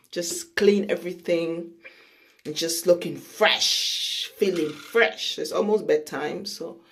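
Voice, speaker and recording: A woman's voice: lowish voice, takes it slowly, low-quality recording. A woman beauty vlogger from Sierra Leone chatting casually at home, self-mocking and chatty. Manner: chatty, self-mocking, breaks into laughs and groans. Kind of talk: casual chat.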